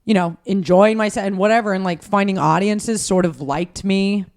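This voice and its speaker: A young American woman chatting on a podcast in her own middle-pitched voice. She tells stories with lots of animation, acting out little bits of what other people said, and she swears freely along the way. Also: moderate pace, darkish tone. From United States. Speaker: guest comedian. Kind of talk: casual podcast chat.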